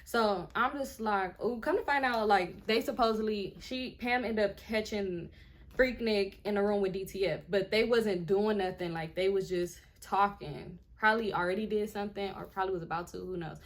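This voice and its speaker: A young woman vlogger telling a story in a casual, animated and profane way, often sounding indignant. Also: medium pitch, normal speed.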